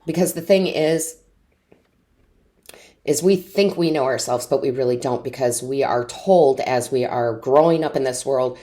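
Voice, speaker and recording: In a rumbling low, unhurried and mellow voice, a woman reads tarot intuitively for the camera. She's emotionally overwhelmed and close to tears, but her tone is earnest and encouraging, peppered with rhetorical questions.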